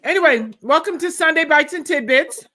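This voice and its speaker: A woman's voice: high-pitched, lively intonation, normal speed, pushed and bright. A tired woman co-hosting a live online talk show, chatting casually and rambling while she waits for her co-host. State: tired from exhaustion. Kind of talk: casual live-stream chat.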